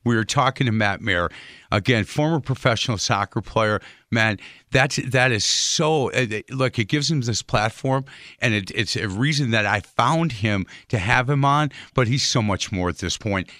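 Male radio host, low and bright, conversational and affirming, dry studio sound. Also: normal speed, dry recording. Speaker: radio talk show host. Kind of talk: talk radio interview.

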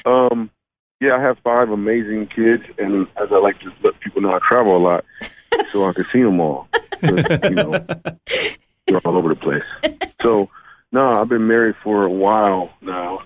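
A man's voice: fairly low pitch, expressive, normal speed. A comedian in his thirties from Michigan, joking and telling stories in a laid-back way during a radio interview over the phone. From Michigan, USA. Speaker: comedian guest. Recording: tinny phone line.

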